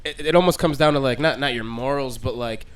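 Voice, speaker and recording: Male host, quick and smooth, casual and a bit crude in his questions. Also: mid-range voice. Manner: loose, casual questions with profanity and laughter. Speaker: podcast host. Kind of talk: casual interview chat.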